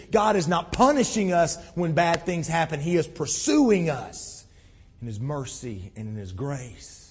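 Male preacher, husky and a touch high-pitched, impassioned sermon delivery, long hall reverb. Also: expressive, unhurried. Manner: impassioned, voice swells loud then drops low.

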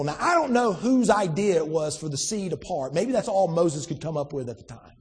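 A man delivers a sermon in a high, husky voice. He preaches earnestly, asks rhetorical questions and restarts his phrases as he goes. His voice trails off into the long reverb of a large hall. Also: lively intonation, moderate pace, hardly any pauses. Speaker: pastor.

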